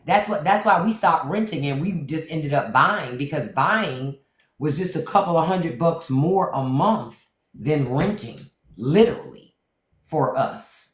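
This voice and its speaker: A woman with a lower voice and hosts a casual live stream. She talks bluntly and jokingly and swears freely. Her voice carries a roomy echo. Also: unhurried. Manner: blunt, profane and joking, with animated quoted asides. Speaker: podcast host on a live stream.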